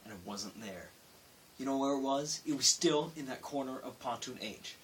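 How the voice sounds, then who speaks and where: This is a young man's late-night vlog: a work story told in a wandering way, full of self-interruptions and loud acted-out quotes. His mid-range voice is expressive and moderately paced. Recorded from a distance, it carries a faint hiss and sounds a little off-mic.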